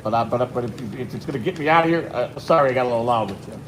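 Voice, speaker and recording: A man from Chicago, a guest, telling stories fast and swearing often. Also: medium pitch, slight background noise, rough recording. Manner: fast, profane storytelling. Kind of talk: casual chat.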